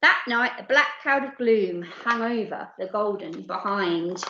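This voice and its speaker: A woman reading a children's picture book aloud, lively and putting on voices for the characters. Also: medium pitch, measured pace, echoey room, lo-fi sound. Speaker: storyteller.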